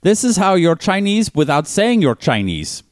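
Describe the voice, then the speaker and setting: Man doing a pompous strongman, put-on Russian accent, slow broken English, high-pitched. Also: big pitch swings, no echo, clean studio sound. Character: blustering male Russian-accented strongman leader. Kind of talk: comedic impression.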